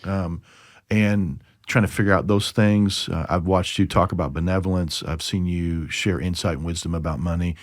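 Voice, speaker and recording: Low-voiced chatty podcast host, man. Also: fairly even intonation, moderate pace, no echo, clean studio sound. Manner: chatty, tells jokes with acted voices. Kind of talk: casual podcast conversation.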